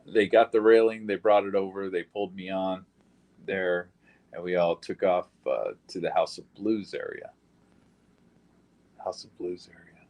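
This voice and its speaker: A man's voice: deep voice, fairly even intonation, normal speed, a little mellow, poor audio. A man giving a recorded witness interview about surviving a shooting, telling it in a blunt, plain-spoken way with some swearing.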